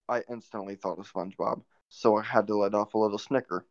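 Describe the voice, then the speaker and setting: A young man tells a long, rambling story full of swearing, relaxed and unhurried, at an ordinary pitch. The sound is dull and lo-fi and dry, as if recorded close in a small dead space. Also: creaky, no room sound. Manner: rambling, profane, laid-back. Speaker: podcast host. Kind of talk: casual storytelling.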